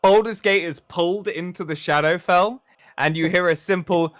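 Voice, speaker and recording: Guy dm-ing a tabletop game, dramatic cinematic narration, bright voice, dry mic. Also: high-pitched, moderate pace, dry recording. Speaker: dungeon master.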